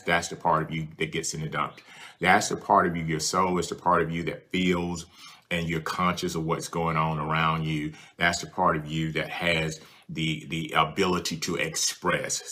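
Bright-toned low-voiced male preacher. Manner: earnest and repetitive, addressing the listener directly. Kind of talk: sermon with prayer ministry.

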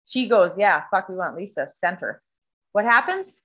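A woman with a mid-range voice and moderate pace tells a story in casual conversation, swearing a lot. She gets animated, doing other people's lines and sound effects, and the recording quality is low.

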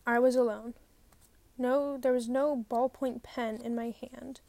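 A woman reading a novel aloud, telling it in a lively first-person way. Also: on the high side, a little slow, gravelly, dry recording. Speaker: reader.

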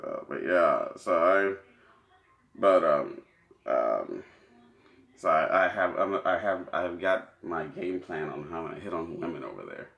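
A man's voice: low voice, normal speed, gravelly, echoey room, muffled recording. A man co-hosting a podcast, chatting casually and crudely, rambling, joking and often laughing. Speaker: podcast co-host.

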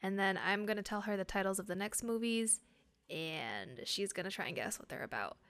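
A woman's voice: medium pitch, fairly quick, fairly bright tone. A woman co-hosting a podcast, chatting casually and animatedly, laughing easily. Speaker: podcast co-host.

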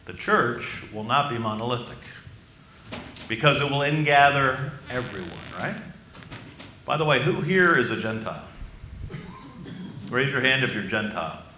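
A man preaching a sermon as pastor, emphatic and slowing down for key phrases while asking the congregation questions. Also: mid-range voice, expressive, pushed and bright, reverberant, a little hiss or hum.

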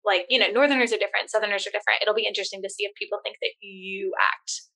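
A woman in her twenties with a New Jersey accent, co-hosting a casual chat, talking quickly and laughing often, full of "like" and the odd swear. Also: medium pitch, fairly even intonation, pushed and bright. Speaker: podcast co-host.

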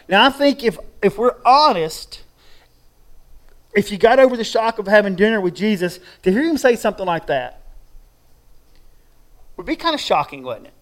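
A male pastor preaching a sermon in a relaxed, conversational way, drawing his listeners into an imagined scene. His voice sits notably high for a man. He talks with feeling, often putting words into imagined people's mouths as he tells the story. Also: moderate pace, long pauses.

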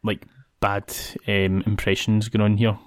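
A woman with a Scottish accent and a bass voice speaks unhurriedly with little pitch movement, in clean studio sound with no echo. As a podcast co-host, she casually recaps a film's plot, giggling between points.

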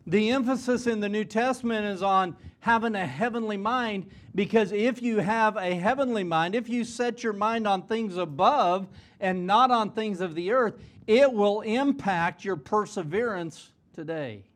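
A man's voice: high voice, unhurried. A man, middle-aged or older, preaching an earnest chapel sermon to students, often repeating a word as he starts a phrase. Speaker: college president preaching in chapel. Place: chapel service before students.

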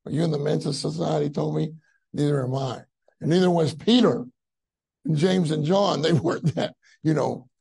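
A man's voice: a little high, moderate pace, vocal fry, mellow, slightly rough, rough recording. A man preaching a conference sermon in a conversational way, with many fillers and rising emphasis on key phrases.

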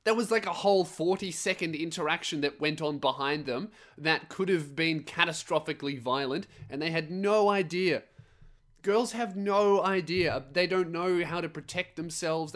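A man tells a story in a fired-up, profane rant. His voice sits fairly high for a man. He talks bluntly and plays out the other people's voices as he goes. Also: fairly even intonation, normal speed, a bit bright. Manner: swearing, blunt and heated, acts out other voices. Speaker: podcast host. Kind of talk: ranting storytelling monologue.

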